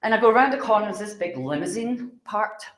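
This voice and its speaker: A woman's voice: medium pitch, a little fast. A middle-aged woman speaks to a live audience as a spiritual speaker, telling stories with plenty of animation. She acts out the voices of the people in her tales and laughs easily. Her voice carries through a roomy, echoing space. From Scotland. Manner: animated storyteller who acts out quoted dialogue and laughs often. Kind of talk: storytelling talk to a live audience. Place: room with an audience. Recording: roomy, echoey hall sound.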